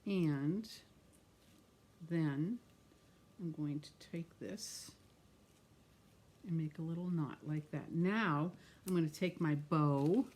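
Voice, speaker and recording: A woman's voice: low voice, mellow. Middle-aged new lady doing a craft livestream, chatty, talks to her viewers by name. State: has the hiccups. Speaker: craft instructor hosting a live stream. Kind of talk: live-streamed craft demonstration.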